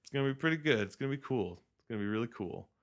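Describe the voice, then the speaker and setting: A man voicing a smooth, confident male host figure in a breezy, reassuring tone. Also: medium pitch, animated, very fast, lightly acted.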